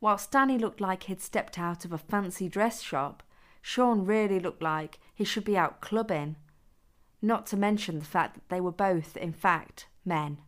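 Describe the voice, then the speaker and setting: A woman who is the author, reading her own adult story aloud in a steady, even manner. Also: mid-range voice, a little slow. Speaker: author and narrator.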